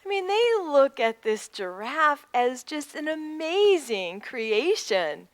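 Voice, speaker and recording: A woman's voice: high voice, slow, dry recording. A woman reading a picture book aloud to children, stopping to add lessons and asides. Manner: animated, with teaching asides. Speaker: children's story-time reader.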